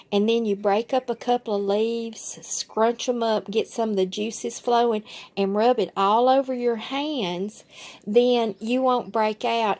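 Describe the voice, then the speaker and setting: A woman's voice: medium pitch, a little mellow. A woman with a Southern US accent talking casually to her viewers in a rambling, folksy, heartfelt way. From southern United States. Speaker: vlogger. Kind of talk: casual chat to camera.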